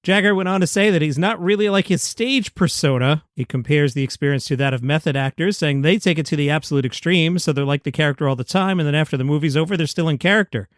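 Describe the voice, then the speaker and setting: A man hosting a daily comedy news show, reading a script in a steady announcer-like way. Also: on the high side, fast talker, hardly any pauses, no echo, clean studio sound. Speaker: news host.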